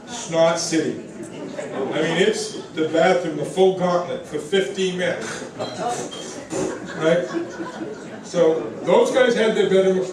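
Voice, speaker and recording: A man giving a roast speech for a friend, telling rambling anecdotes, laughing at his own stories and swearing often. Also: sits high. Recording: echoey room, recorded from far off, background noise.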